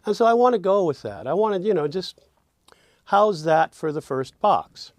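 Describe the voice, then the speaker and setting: A man teaching songwriting, thinking aloud as he drafts lyrics and quietly hums and sings the lines he is trying out. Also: sits high, animated, moderate pace, no room sound.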